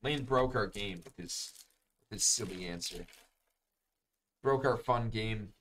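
A man's voice: on the low side, unhurried, fairly bright tone, slight background noise. A young man hosting a live card break, chatting casually and calling out each card as he opens packs. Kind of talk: live-streamed pack opening chat.

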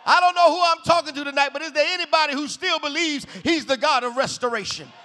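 High, bright-voiced man preaching loudly. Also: quick pace. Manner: hollering, rhythmic call-and-response preaching. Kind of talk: shouted revival sermon. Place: large church sanctuary. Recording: echoey hall reverb.

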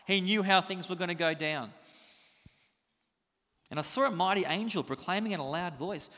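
A man preaching a sermon as pastor, animated and conversational, asking the congregation rhetorical questions. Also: high voice, normal speed, long pauses, long reverb tail.

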